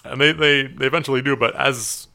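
Podcast guest: male, gravelly and bright-edged, easygoing movie chat. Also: mid-range voice, steady tone, a little fast. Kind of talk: casual movie-recap chat.

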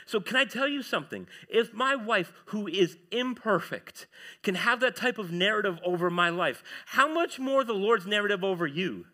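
A man, preaching a sermon in church, animated and swinging between loud and hushed. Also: high-pitched, normal speed. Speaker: pastor.

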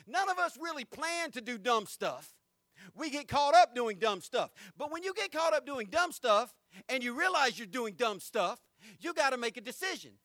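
Man, preaching, very high bright voice, dry close sound. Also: very animated, moderate pace, dry recording. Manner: folksy, emphatic, shouts at peaks. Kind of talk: sermon.

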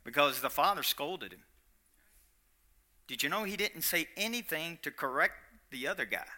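A man preaches a sermon in a fairly high, expressive, sharp-toned voice at normal speed, speaking emphatically, repeating his lines, and quizzing the congregation with questions.

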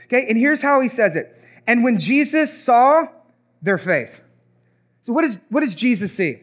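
A man preaching a sermon as pastor, animated and acting out imagined reactions. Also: very high-pitched, normal speed.

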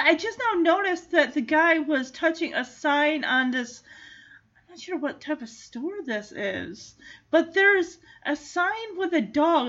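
High-pitched woman, chatty movie recap, amused, dull lo-fi sound. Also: a bit bright. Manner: chatty, amused, jumps into character voices. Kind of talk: casual movie commentary.

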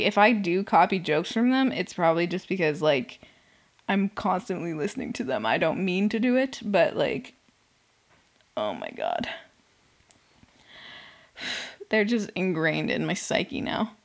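A young woman hosting a podcast, talking casually and sarcastically about a reality show, swearing often and filling with "like". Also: on the low side. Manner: sarcastic, swears a lot, fills with "like". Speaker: podcast host. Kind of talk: casual reality-TV recap monologue.

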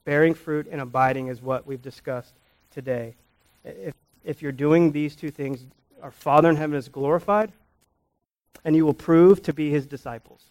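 Male pastor, slightly higher voice, preaching with big loud-to-soft swings. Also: steady tone, moderate pace. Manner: emphatic, swings from loud to quiet, repeats words. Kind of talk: sermon.

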